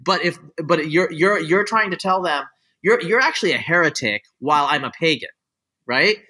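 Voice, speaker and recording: Man, bright forceful voice, somewhat high, casual interview talk, many fillers. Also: lively intonation, moderate pace, slightly rough. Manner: rambling, heavy on "like" and "you know" fillers; opinionated, explaining his views at length. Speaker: guest scientist.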